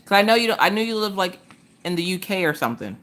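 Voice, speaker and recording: Chatty, bright-voiced woman craft streamer. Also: mid-range voice, sing-song, fast talker. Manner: chatty, exasperated rants, rhetorical questions. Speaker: craft livestream host. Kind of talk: casual chat with live viewers. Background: chewing ice between sentences.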